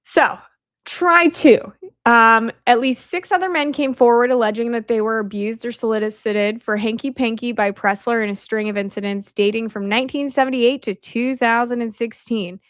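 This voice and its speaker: A woman's voice: on the high side, moderate pace, few pauses, no echo, studio quality. A woman hosting her video from home, talking casually through slides with lots of fillers and asides, her voice strained and worn. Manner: conversational, with frequent fillers and asides. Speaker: video host. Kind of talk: casual commentary over on-screen slides. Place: at home, at night. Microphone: camera mic at a desk.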